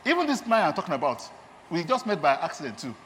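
Man, Nigerian accent, sermon, emphatic repetition, animated pitch, faint background hum. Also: fast talker. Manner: emphatic, repeats key phrases. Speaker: lay preacher and doctor. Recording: long hall reverb, faint ambience.

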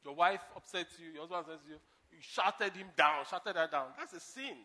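A man preaching a sermon, animated, moving between loud emphasis and quiet asides and laughing at his own stories. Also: fairly high pitch, brisk. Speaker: pastor.

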